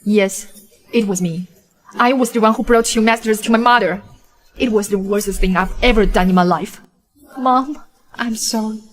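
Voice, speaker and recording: A woman's voice: medium pitch, moderate pace, natural voice. A woman voicing a wronged young mother, bitter and pleading, in a dubbed drama. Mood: grieving.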